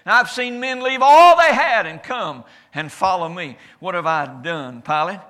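A preacher voicing Jesus, high and bright. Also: male voice, animated, measured pace, heavily acted. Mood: solemn. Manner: declamatory, rising and falling loudness. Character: Jesus, adult man, calm and certain. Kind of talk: first-person sermon monologue.

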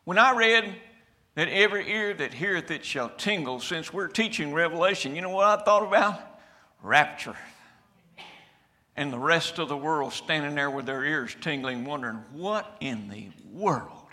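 A man preaches from the pulpit of a church, his voice high and piercingly bright. He builds to shouted peaks, then drops almost to a murmur to drive a point home. The delivery is fervent and rhythmic. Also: moderate pace. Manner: preaching with sudden shouted climaxes and quiet drops. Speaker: pastor. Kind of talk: fiery sermon. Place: church sanctuary.

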